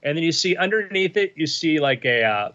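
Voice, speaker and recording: Guy running a tabletop game, bright voice all over the place, kinda dull lo-fi sound. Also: a little high, brisk. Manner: playful, animated scene-setting. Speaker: game master.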